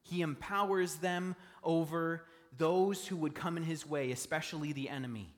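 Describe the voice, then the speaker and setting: A man's voice: on the high side, moderate pace, long reverb tail. A man preaching a sermon from a church stage, conversational and often asking the congregation questions. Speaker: pastor.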